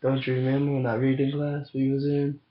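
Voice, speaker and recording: Over dull lo-fi webcam audio, a man chats crudely, cursing and rambling. His medium-pitched voice is monotone and brisk.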